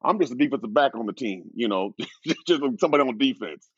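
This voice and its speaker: A former pro football player telling a lively anecdote as a guest, with a dull, dry lo-fi recording. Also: male voice, mid-range voice, fast talker, slightly rough, dry recording. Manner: animated, laughing storyteller. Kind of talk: storytelling.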